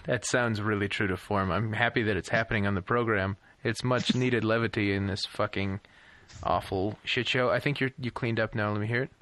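A man's voice: fairly low pitch, fairly even intonation, brisk, fairly bright tone, dry recording. A man co-hosting a casual movie-review chat, arguing his point in wordy, profane phrasing.

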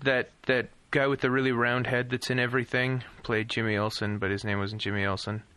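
A man's voice: mid-range voice, flat delivery, fairly quick, pushed and bright, clear, resonant tone, dry recording. A man co-hosting a casual podcast, talking in a dry, sardonic way. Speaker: podcast co-host. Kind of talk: casual chat, reading film credits.

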